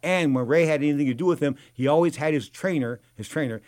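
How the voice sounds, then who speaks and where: A man's voice: a little high, quick pace, darkish tone, no room sound, studio quality. A man telling rambling, casual anecdotes, often circling back with "bottom line is" and throwing in asides. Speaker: storyteller.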